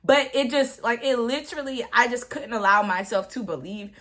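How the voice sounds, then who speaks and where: A woman telling a personal story in a casual, animated way, with many fillers. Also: fairly high pitch, moderate pace. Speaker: vlogger.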